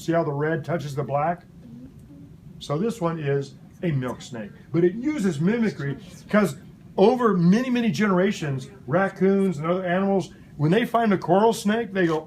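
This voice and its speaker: A man teaching a lively, playful science lesson to a class of children, asking them questions as he goes. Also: a little high, a little hiss or hum. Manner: animated, playful, asks kids questions. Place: elementary school classroom.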